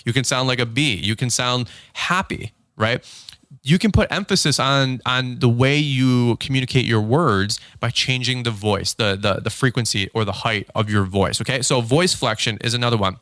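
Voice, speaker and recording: A man hosting a podcast, giving casual coaching talk, animated, acting out little dialogues with big pitch swings and often repeating and restarting his words. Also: dry recording. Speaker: podcast host.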